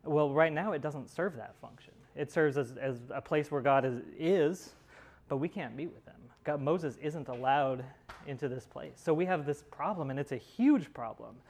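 A man teaching a Bible study class in a conversational way, with many pauses and restarts. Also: on the high side, a little mellow.

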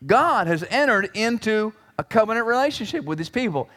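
A man preaching a sermon, animated, acting out scripture with emphatic voices. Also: high-pitched, fairly quick, few pauses. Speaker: pastor. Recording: long reverb of a large hall.

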